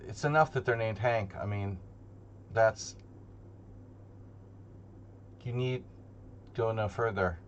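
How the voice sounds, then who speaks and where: A man's voice: lowish voice, takes it slowly, pauses often, dull audio, slight background noise. A man streaming live online chess, thinking aloud as he plays, joking and muttering to himself. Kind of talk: live commentary while playing online chess. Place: home streaming setup.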